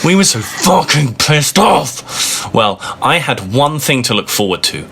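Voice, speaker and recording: Amused man reading with wildly swinging pitch. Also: very animated, unhurried, sharp tone, a little hiss or hum. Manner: amused, sarcastic, swearing freely. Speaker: reader of a fan fiction. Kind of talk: comedic dramatic reading with mocking asides.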